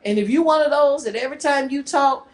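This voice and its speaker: A middle-aged woman from the northern US gives a marriage workshop talk to a live group, lively and joking in casual speech. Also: high-pitched, brisk. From northern United States.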